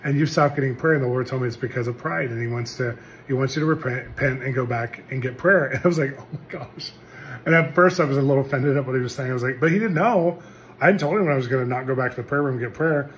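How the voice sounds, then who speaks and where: A middle-aged male pastor telling a personal testimony in an earnest, animated storytelling way. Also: medium pitch, fast, a little hiss or hum. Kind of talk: testimony sermon.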